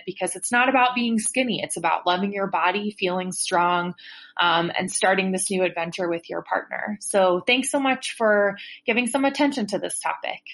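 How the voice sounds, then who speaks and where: A woman from the United States leaving an earnest, thoughtful voice message, speaking in a measured way with some fillers. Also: mid-range voice, fairly bright tone. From Denver, USA.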